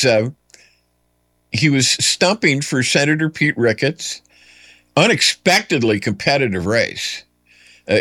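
A man's voice: medium pitch, a bit bright, no echo. Rambling man hosting political commentary. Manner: rambling, many fillers and restarts, dry wry asides. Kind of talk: casual political commentary monologue.

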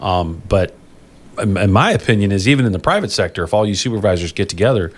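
Male union podcast host, low-pitched, loose and rambling delivery, quick to laugh. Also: animated. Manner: rambling, self-correcting, laughs easily. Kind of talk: casual podcast chat.

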